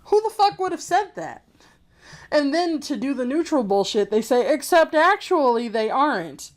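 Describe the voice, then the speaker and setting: A woman with a high voice rants to her camera. She is blunt, heated and full of swearing. She repeats other people's phrases back with open scorn. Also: very animated, normal speed, warm tone. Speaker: vlogger. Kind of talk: casual opinion rant to camera.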